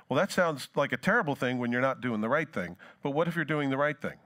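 A man's voice: lively intonation, fast, few pauses. A male pastor preaching a sermon, reading scripture dramatically and talking to the congregation in casual asides. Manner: dramatic scripture reading, rising loud then dropping low.

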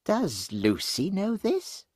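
A man doing a gentle old doctor. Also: mid-range voice, very animated, takes it slowly, no room sound, studio quality. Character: kind elderly doctor, gentle father.

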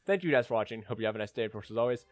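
A young man hosting a gaming video, boasting, joking and yelling at the game as he plays. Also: on the low side, animated, very fast, no room sound, faint music behind. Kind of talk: gameplay commentary.

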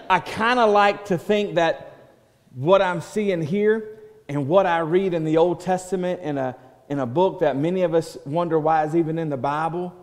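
Preacher with a long church echo. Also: male voice, fairly high pitch. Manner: swings from loud proclaiming to soft hushed quoting; repeats words and restarts when building a point. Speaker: pastor. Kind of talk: sermon. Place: church sanctuary. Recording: church hall reverb.

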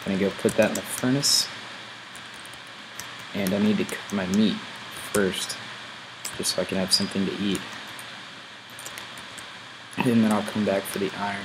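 Low-voiced man narrating his gameplay. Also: fairly even intonation, moderate pace, pauses often, noisy background. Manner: chatty, thinks aloud while playing. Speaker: gameplay video host. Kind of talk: casual gameplay commentary.

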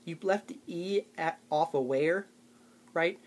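Speaking slowly in a fairly high voice, a young man delivers a comedic, sarcastic rant straight to the camera as a vlogger. He tags line after line with "okay?"

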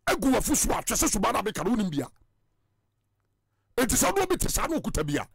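Husky gravelly Ghanaian preacher, lively pitch. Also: male voice, fast, dry recording, studio quality. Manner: emphatic, rising to loud bursts. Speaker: evangelist. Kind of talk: preaching in Twi and English.

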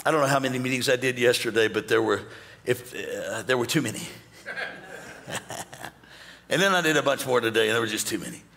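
A man preaching a sermon as pastor, joking with the congregation and bursting into shouts and mock voices. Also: medium pitch, animated, brisk, gravelly, long pauses. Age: older.

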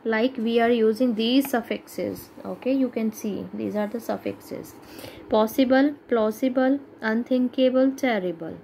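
A woman's voice: on the high side, measured pace, vocal fry, dark tone, slight background noise, rough recording. A woman teacher with an Indian English accent giving a grammar lesson to schoolchildren, explaining step by step and asking checking questions.

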